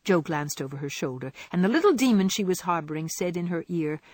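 A woman narrating a classic novel in an expressive, measured storytelling voice. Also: fairly low pitch, no room sound. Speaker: audiobook narrator.

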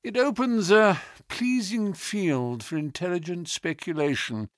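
A man voicing Sherlock Holmes, a keen and sharp-minded detective who speaks in a measured, probing and lecturing way, in an audiobook reading. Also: sits high, dry recording, studio quality, pitched above the performer's own voice.

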